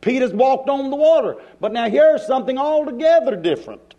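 A male preacher delivering a sermon in a church, with dramatic pauses and shifts in pace. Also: extremely high pitch, animated, dark tone, dull audio.

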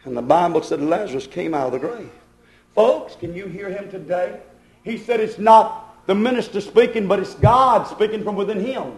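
A man preaching a sermon in a dramatic, rhythmic way that swells into shouts. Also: sits high, normal speed. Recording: echoey room.

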